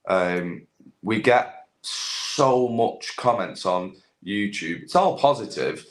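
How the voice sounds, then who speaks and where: Speaking slowly and expressively in a low-leaning voice, a young man chats on a podcast as a guest. He owns a landscaping business, has a social media following, and rambles with many fillers and restarts.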